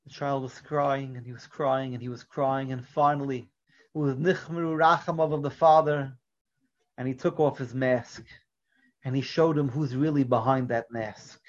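A man giving an earnest religious lecture, often dropping to a quiet, soft delivery, and weaving in a story. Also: medium pitch, steady tone, moderate pace. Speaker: Torah teacher. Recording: dull lo-fi recording.

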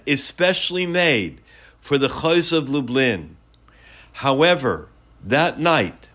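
A man giving a daily Torah lesson, explaining a teaching and telling a story in a measured way. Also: on the high side, fairly bright tone.

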